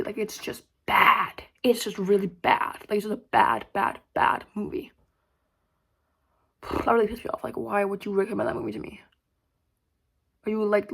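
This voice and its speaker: Young woman vlogger, casual and rambling, vocal fry, drops from loud outbursts to mumbles. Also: fairly high pitch, lively intonation, fairly quick. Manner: rambling, filler-heavy, swearing; swings between loud outbursts and mumbled asides. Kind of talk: casual chat to camera.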